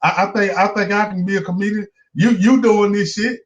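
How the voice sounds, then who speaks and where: An eager young woman with a thin, high voice rushes out her words to get a shot at comedy, as a man puts her on. She sounds pushy and excited. The recording is dull and lo-fi. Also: close to an everyday voice.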